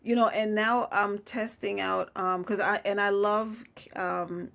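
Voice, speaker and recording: A woman's voice: mid-range voice, steady tone, a little slow, vocal fry, fairly bright tone. Chatty woman podcast host. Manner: chatty, full of "you know" fillers, laughs often. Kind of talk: casual conversation.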